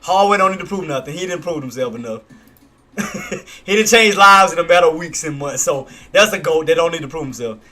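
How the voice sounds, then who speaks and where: A man hosting a live trading stream, hyped and slangy, shouting and laughing between chart calls. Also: on the high side, animated, brisk.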